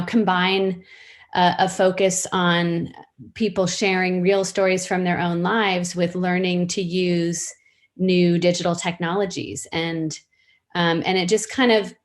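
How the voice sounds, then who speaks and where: Thoughtful, low-pitched woman in her fifties. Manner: thoughtful, rambling, with many fillers and restarts. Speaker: interview guest, storytelling practitioner. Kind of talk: casual conversational interview.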